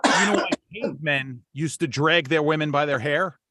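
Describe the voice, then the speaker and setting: A man's voice: on the high side, normal speed, pushed and bright, dry recording. A man casually trading crude one-liner jokes with a friend on a podcast. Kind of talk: casual joke-telling.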